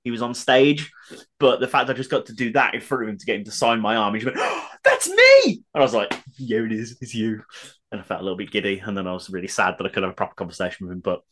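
A man's voice: lowish voice, racing. A man co-hosting a podcast, telling stories in casual chat and laughing often. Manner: laughing often, animated storyteller. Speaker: podcast co-host.

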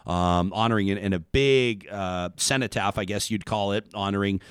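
Low-voiced man hosting a radio talk show. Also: fairly even intonation, normal speed, clean tone, no room sound, studio quality. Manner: rambling, earnest, many restarts.

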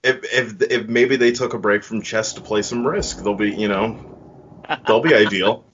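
A man with a husky voice in a casual group chat, joking and spinning silly scenarios. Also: on the low side, normal speed, fairly bright tone, lo-fi sound, a little hiss or hum.

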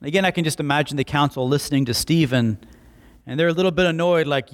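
A man preaching a Bible-teaching sermon in an animated way, acting out quick voices for emphasis. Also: fairly high pitch.

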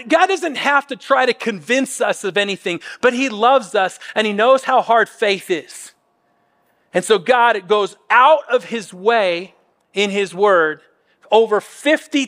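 A pastor in his fifties preaching a sermon in a church, earnest, sometimes dropping to a soft near-whisper for emphasis. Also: high voice, long reverb tail. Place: church auditorium.

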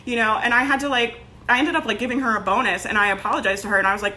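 A woman's voice: a little high, fast, few pauses, bright, forceful tone, a little hiss or hum. A young woman giving a casual motivational talk as a business coach, candid and swearing now and then, with lots of "like" and "right?".

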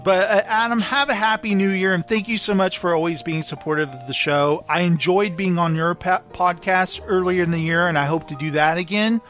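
A man hosting a podcast, telling stories in casual chat and mimicking friends with quick voice shifts. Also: high voice, fairly bright tone, soft background music. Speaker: podcast host.

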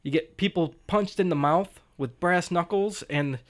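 A man's voice: high-pitched, unhurried. A man hosting a casual movie review podcast, easygoing and rambling, chuckling now and then. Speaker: podcast host.

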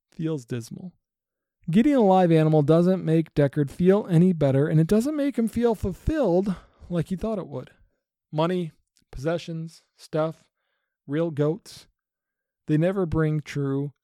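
A man's voice: on the high side, warm tone, dry recording, clean studio sound. A man hosting a Bible-based podcast, talking in an earnest, preaching way and repeating phrases for emphasis. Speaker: podcast host.

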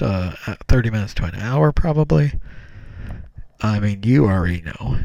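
With no room sound, the lowish, gravelly, darkish voice of a young man comes through as he hosts his solo podcast. He talks into a podcast mic cupped in his hand in a small room, wandering along with fillers and self-corrections.

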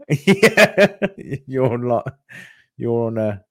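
A man co-hosting a podcast, easygoing and quick to laugh in casual chat. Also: mid-range voice, very animated, gravelly, a bit bright. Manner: laughs often, easygoing back-and-forth. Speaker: podcast co-host.

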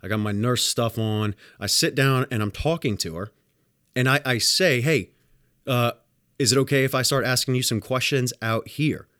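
In a clean studio recording without echo, a man speaks at a moderate pace in a mid-range voice. He's a home health nurse spinning work stories as a loose, blunt, foul-mouthed rant. Animated throughout, he voices the other characters in his casual monologue.

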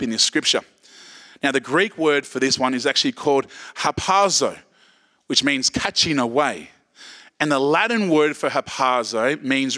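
A man's voice: a little high, normal speed, sharp tone. A middle-aged Australian man preaching a sermon in a casual, joking way, checking in with "okay" often. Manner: casual, joking, lots of okays and restarts. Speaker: pastor.

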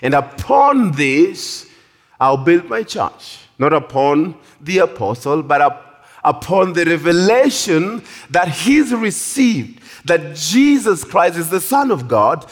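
Male preacher, high voice, slow and emphatic, sermon in a reverberant hall. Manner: animated, drawn-out emphatic delivery. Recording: long reverb of a large hall.

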